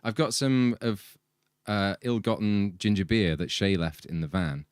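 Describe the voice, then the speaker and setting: A man's voice: on the low side, measured pace, smooth, no echo, studio quality. A young man in a band, casually chatting and hosting a livestream with his bandmates. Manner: chatty, laughs often, says he is sleepy. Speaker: band member hosting the stream.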